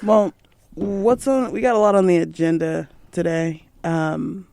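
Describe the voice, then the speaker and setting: A young woman co-hosting a college radio show in a studio, a little hoarse and throaty, talking in a laid-back, wry way. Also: fairly low pitch, fairly even intonation, a little slow, a little mellow, no echo. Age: young adult. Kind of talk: casual chat. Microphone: studio mic.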